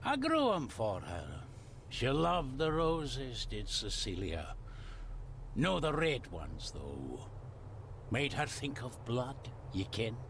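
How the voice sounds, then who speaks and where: A man with a Scottish accent playing a gruff, secretive gardener who clings to the old ways, speaking slowly and guardedly. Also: mid-range voice, wildly swooping pitch, fairly bright tone, slight background noise, exaggerated voice. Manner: slow, guarded, dialect-heavy. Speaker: game character.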